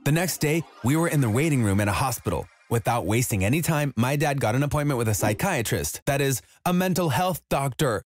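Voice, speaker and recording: A man telling a scripted first-person story in an even, measured way. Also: mid-range voice, dry recording. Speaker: narrator.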